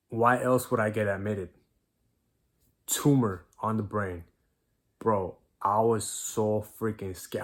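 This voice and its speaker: A young man in his twenties recounts a personal story to camera in a casual, slangy way. He acts out other people's lines as he goes. His voice sits a little low. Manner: animated retelling with slang and quoted dialogue. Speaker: vlogger.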